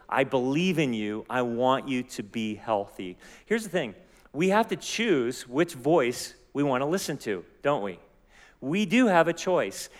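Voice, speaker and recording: A man preaching a sermon as pastor, earnest and often asking his listeners questions. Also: mid-range voice. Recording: long hall reverb.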